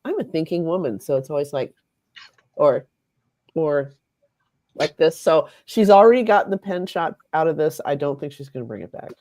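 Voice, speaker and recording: A woman's voice: deep voice, expressive, normal speed, pauses often, mellow. Wry woman journalist on a panel. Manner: wry, sarcastic storytelling. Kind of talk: casual panel chat.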